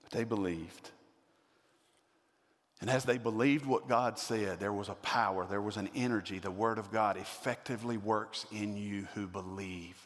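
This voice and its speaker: A man's voice: lowish voice, fairly even intonation, moderate pace, in a large hall. A man preaching a sermon as pastor, building to emphatic repeated questions. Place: church sanctuary.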